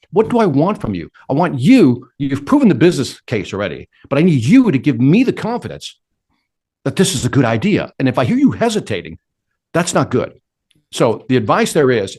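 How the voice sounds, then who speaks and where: A middle-aged man, a sales speaker appearing as an interview guest, answers questions with energy, acting out quotes and voicing his own inner talk. His voice is medium-pitched, husky, and somewhat dark in tone.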